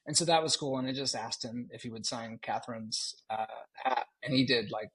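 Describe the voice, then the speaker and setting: A man's voice: mid-range voice, fairly quick, fairly bright tone, breathy edge, poor audio. A middle-aged man co-hosting a podcast, telling stories in a rambling, easygoing way and laughing easily. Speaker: podcast co-host. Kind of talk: casual chat.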